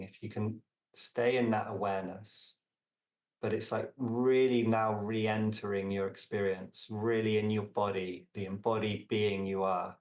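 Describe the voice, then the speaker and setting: Man, low voice, monotone delivery, meandering with fillers, slightly distant mic. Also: echoey room. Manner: meandering, lots of fillers and restarts, trails off softly. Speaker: podcast guest, relational coach. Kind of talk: casual reflective conversation.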